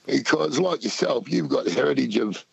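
Australian male caller, gravelly and husky, easygoing rambler. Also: medium pitch, animated, moderate pace, no echo, highs cut off. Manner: laid-back, rambling with fillers.

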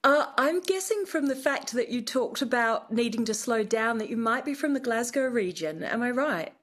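A woman's voice: on the high side, expressive, normal speed, a bit bright. Thoughtful woman expert on a radio panel. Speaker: accent expert guest. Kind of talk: radio studio chat.

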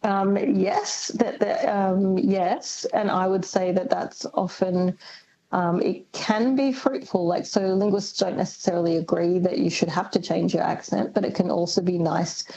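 A woman's voice: on the low side, fairly even intonation, measured pace, gravelly, dark tone, lo-fi sound, slight background noise. A woman linguist, answering radio interview questions thoughtfully with many ums and restarts. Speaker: linguist guest.

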